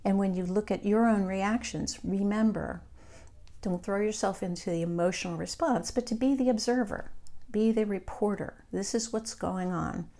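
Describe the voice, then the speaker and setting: A middle-aged woman, leading a meditation group in a calm, reflective and candid way. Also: medium pitch, moderate pace. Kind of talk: meditation class talk.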